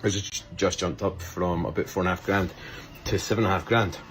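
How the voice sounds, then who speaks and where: A man's voice: low-pitched, steady tone, brisk, background noise. A man who runs a shop, giving a plain-spoken appeal on social media, swearing and urging others to act. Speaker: shop owner.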